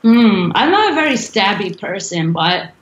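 A woman's voice: mid-range voice, very animated, normal speed. A woman rock singer chatting loosely in an interview and laughing often. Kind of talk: casual interview chat. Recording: roomy, dull lo-fi sound.

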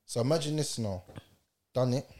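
A man chatting casually and spinning stories full of street slang. His voice sits at an ordinary middle pitch, and he acts out each moment as he goes. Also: normal speed, warm tone. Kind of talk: casual chat, storytelling.

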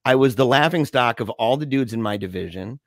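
Animated slangy man telling a story. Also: mid-range voice, a little fast, vocal fry, dry recording, studio quality. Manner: animated, slangy, laughs a lot, says "dude". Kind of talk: casual chat, storytelling.

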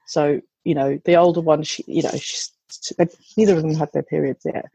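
A woman's voice: low voice, fairly even intonation, brisk, vocal fry, warm tone, breathy edge, no room sound, rough recording. A woman, a mother, telling a candid, chatty anecdote with some swearing and restarts. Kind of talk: casual anecdote.

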